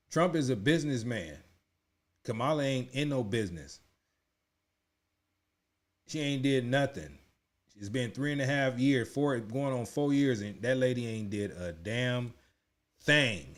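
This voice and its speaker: A man's voice: mid-range voice, expressive, measured pace, pauses often. A man hosting a live reaction stream, talking in a blunt, slangy, colloquial way. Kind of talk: casual live reaction commentary.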